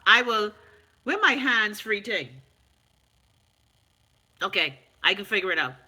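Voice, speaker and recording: Animated Bahamian woman host. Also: mid-range voice, unhurried, slightly rough. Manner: loud, animated, talks back to viewer comments; frank, swears freely. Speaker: live-stream host. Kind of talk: casual live-stream chat.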